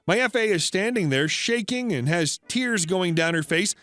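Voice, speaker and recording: Lively high-voiced male story narrator. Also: moderate pace, dry recording, soft background music. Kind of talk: reading online stories.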